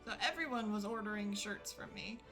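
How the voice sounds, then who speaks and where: A woman's voice: mid-range voice, fairly quick, over music. A woman streamer telling a rambling, chatty story with lots of fillers and giggles. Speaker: gaming streamer. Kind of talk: casual storytelling chat.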